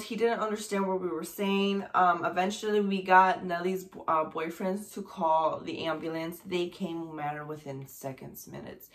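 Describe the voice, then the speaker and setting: A mother telling a personal story to camera, pausing often and restarting her sentences. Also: on the low side, steady tone, a bit bright. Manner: halting, with many fillers and restarts.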